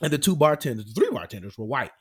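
A man's voice: medium pitch, big pitch swings, fast, breathy edge. A young man co-hosting a podcast in casual chat, telling stories with lots of laughter and animation. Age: young adult. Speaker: podcast co-host.

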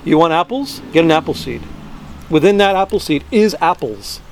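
A man's voice: on the high side, animated, normal speed, slight background noise. A man delivers an informal spiritual teaching in a slightly raised voice. He talks loosely and conversationally, often restarting sentences and tagging them with "right?". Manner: conversational, many restarts, frequent "right?" tags.

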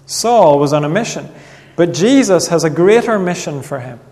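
A man preaching a sermon in an earnest, measured way, reading Bible passages aloud. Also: on the high side, lively intonation, a little mellow. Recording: long reverb of a hall.

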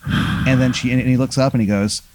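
A man improvises a long, goofy scenario in casual conversation, full of fillers, restarts and quick jumps into the characters' voices. His pitch sits in the ordinary middle range for a man. The recording is dry and close. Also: steady tone, darkish tone, dry recording. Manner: rambling, many fillers and restarts, acts out quoted lines. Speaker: host telling a made-up scenario.

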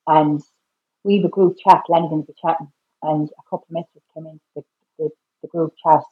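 A middle-aged Irish woman with a slightly low voice tells a painful story as a podcast guest. She keeps repeating herself and acts out each exchange, her voice climbing as she quotes people. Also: fairly even intonation, fairly quick, breathy edge, narrow, tinny audio. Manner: repeats "I said" constantly, re-enacts dialogue with rising voice. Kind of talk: emotional personal storytelling.

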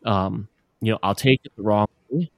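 A man's voice: lowish voice, moderate pace, no echo, studio quality. A man in his thirties co-hosting a podcast, rambling in casual chat with lots of fillers. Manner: rambling, many fillers and restarts. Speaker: podcast co-host.

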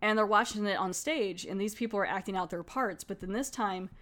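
A woman's voice: medium pitch, fairly quick, fairly bright tone. A woman casually reviewing a horror anthology film, retelling scenes in a chatty way with quoted lines. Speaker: movie reviewer.

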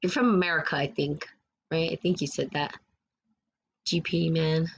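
A woman's voice: sits low, steady tone, normal speed, creaky, slight background noise. A woman with a New Mexico accent hosting a livestream, moving between an earnest spiritual speech and casual replies to viewers' comments. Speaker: livestream host.

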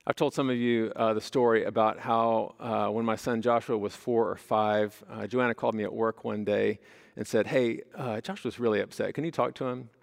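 A man's voice: fairly low pitch, fairly even intonation, moderate pace, vocal fry. A man preaching a sermon as pastor, talking to his congregation in a conversational way, with rhetorical questions and personal stories. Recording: long reverb of a large hall.

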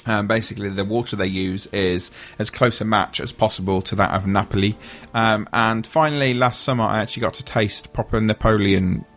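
A man's voice: fairly low pitch, fairly even intonation, fairly quick, hardly any pauses, a bit bright, faint music behind. A man hosting a casual chat, rambling and joking as he talks. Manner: chatty, rambling, jokey. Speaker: podcast host.

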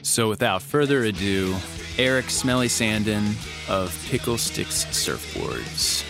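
A man's voice: fairly low pitch, lively intonation, takes it slowly, vocal fry. A man in his forties hosting a podcast, reading an enthusiastic, earnest intro. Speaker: podcast host. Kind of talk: scripted intro narration. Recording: guitar music under the voice. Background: guitar music bed.

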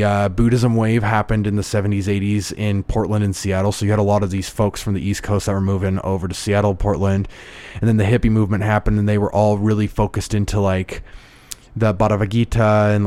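A man's voice: on the low side, mellow, clean tone, no echo. A man talking in a casual conversation, reflective and storytelling, with frequent restarts.

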